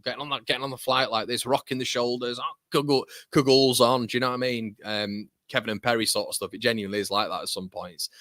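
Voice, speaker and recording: Young lad hosting a live football stream, bright clear voice, dry close mic, chatty and animated. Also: male voice, mid-range voice, fast talker, few pauses, no room sound. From Leeds. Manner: chatty, animated storytelling, reads out viewer comments. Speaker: watchalong host. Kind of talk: casual live stream chat.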